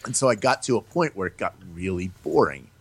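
A man being interviewed, chatting casually and telling animated stories about doing voices. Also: on the low side, brisk, gravelly, breathy edge. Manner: animated storyteller, breaks into playful voices. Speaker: voice actor guest.

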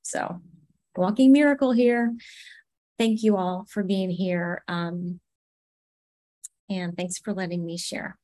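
A woman's voice: on the low side, fairly even intonation, slow, long pauses, a little mellow. A woman sharing at a recovery meeting over a video call, heartfelt and emotional.

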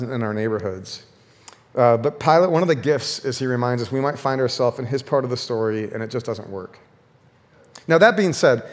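A man preaching a sermon and reading scripture in a conversational way, often checking in with listeners through rhetorical questions. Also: mid-range voice. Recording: long reverb of a large hall.

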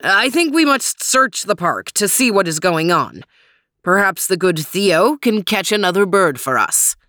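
A woman voicing an excitable dog for a storybook. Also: mid-range voice, unhurried, no echo, clean studio sound. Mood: excited. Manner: excitable exclamations. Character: excitable French-talking dog.

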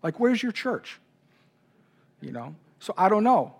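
A man's voice: high voice, big pitch swings, a little slow, vocal fry, slightly rough. A man preaching a sermon as pastor, telling a personal story with emotion. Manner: personal, emotional anecdote told to a congregation.

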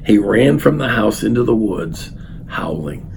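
A man's voice: lowish voice, animated, normal speed, gravelly, a little mellow, a little hiss or hum. An older man reading a children's story aloud, then talking unhurriedly with many fillers. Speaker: speaker reading a story to his grandchild.

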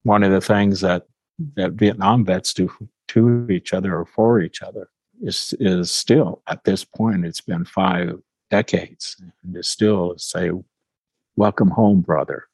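A low-voiced older man in his seventies speaks with a husky grain, reflecting slowly and carefully on his experiences as an interview guest. The sound is dry and close, with no room around it. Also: steady tone, darkish tone, dry recording, low-quality recording. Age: 70s. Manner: measured, thoughtful, with small restarts.

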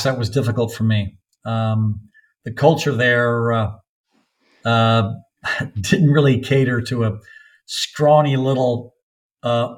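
A man's voice: mid-range voice, poor audio. Older man telling a rambling story. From North Carolina, USA. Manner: rambling anecdotal storytelling with frequent pauses. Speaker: soccer coach guest. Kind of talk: podcast interview storytelling.

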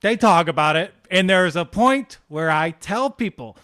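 A man's voice: sits high, expressive, unhurried, pushed and bright, clean tone, no room sound. A man co-hosting a comedy podcast, ranting in an emphatic, exasperated and profane way into a studio mic. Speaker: podcast co-host.

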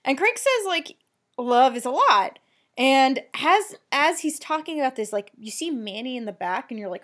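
Chatty animated woman co-host. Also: sits high, normal speed. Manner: chatty, animated, swears casually, many fillers. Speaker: podcast co-host. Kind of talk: casual chat recapping a TV episode.

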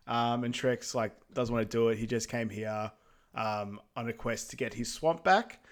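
A man's voice: mid-range voice, moderate pace. A man co-hosting a podcast, summarizing a film's plot in an easygoing, casual way. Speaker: podcast co-host. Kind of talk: casual film recap chat.

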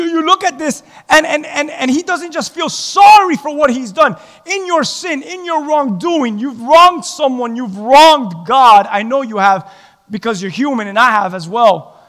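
A male pastor preaching a sermon in a church, lively and joking, with shouted emphasis. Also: very high voice. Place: church sanctuary. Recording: long hall reverb.

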